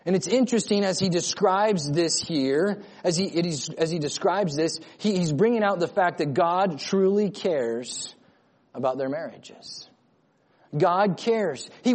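Higher-voiced male pastor preaching earnestly. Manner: earnest preaching that swings between emphatic and soft, reads scripture aloud. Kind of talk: sermon.

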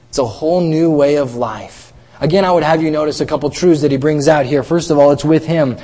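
A middle-aged man with a notably high voice preaches a sermon in a church, pressing his points with earnest repetition. He reads scripture aloud in old-fashioned wording. His voice rings out with a long reverb tail from the hall around him. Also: brisk, a little mellow. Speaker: pastor.

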